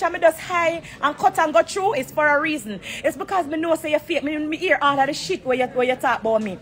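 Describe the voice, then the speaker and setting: A woman's voice: sits high, fast talker, few pauses. A woman with a Jamaican accent in a heated, blunt live-stream rant from an airport corner, talking into her phone. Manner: confrontational, blunt, profane. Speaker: dancehall artist on a live stream.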